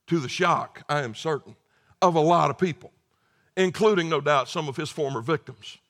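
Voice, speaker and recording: A man's voice: on the high side, normal speed, fairly bright tone. A man preaching a sermon as pastor, earnest and emphatic, often repeating words as he starts a phrase.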